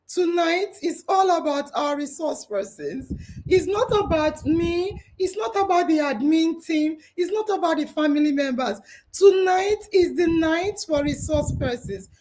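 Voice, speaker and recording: A woman hosting a live online hangout, excited and tearful, laughing as she reads out listener comments. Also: very high-pitched. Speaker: podcast host.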